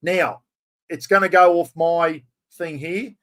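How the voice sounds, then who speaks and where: A man's voice: on the high side, steady tone, takes it slowly, a bit bright. Chatty Australian man hosting a livestream. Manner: chatty, reads out viewer comments, mate-heavy slang. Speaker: livestream host. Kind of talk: casual livestream chat.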